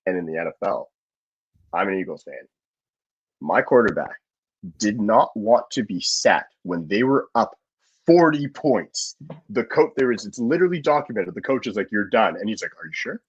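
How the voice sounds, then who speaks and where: A man debating football on a panel, talking fast, cutting in and acting out what players say. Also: on the low side, expressive, slightly rough. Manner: fast, interrupting, acts out quotes. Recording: dull dry remote call audio.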